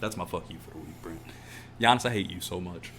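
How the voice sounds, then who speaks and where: A man's voice: low-pitched, quick pace, a bit bright, slight background noise. A man co-hosting a casual podcast, ranting emotionally and swearing a lot. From California. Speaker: podcast co-host. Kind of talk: casual chat.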